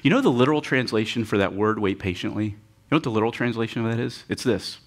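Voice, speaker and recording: This fast-talking preacher delivers a dramatic, lively sermon, sighing audibly and spiking his pitch without warning while his congregation reads scripture aloud with him.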